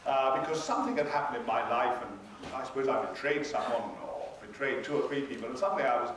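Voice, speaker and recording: A man's voice: medium pitch, fast, a bit bright. An older man telling a wry, theatrical story as a convention panel guest, acting out the other people's lines. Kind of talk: anecdotal storytelling. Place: convention hall. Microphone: audience recording from far off. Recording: echoey hall recorded from a distance with noise.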